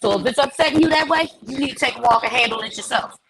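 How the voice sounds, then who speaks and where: A woman hosting a live chat, telling an animated story and acting out the dialogue. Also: high-pitched, very fast, a crowd in the background, rough recording. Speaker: host.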